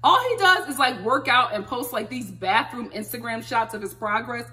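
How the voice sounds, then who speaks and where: A woman's voice: a little high, moderate pace, bright, forceful tone. A woman vlogger recapping a reality show in casual, gossipy commentary, laughing often and recording on her phone.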